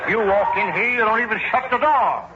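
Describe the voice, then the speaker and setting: A man's voice: sits high, a little fast, lo-fi sound. A man doing indignant, wisecracking 1940s radio comedy, on a heavily hissy broadcast recording.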